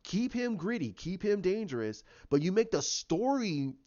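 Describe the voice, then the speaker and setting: An opinionated man ranting in a casual vlog. His voice sits a little high for a man. The recording is dull and lo-fi. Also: sing-song, normal speed, warm tone. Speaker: YouTuber.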